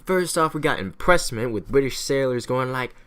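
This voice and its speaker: A man's voice: medium pitch, lively intonation, moderate pace, a bit bright, clean tone. A man giving a casual, irreverent history recap, swearing freely and rambling off on tangents. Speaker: history explainer.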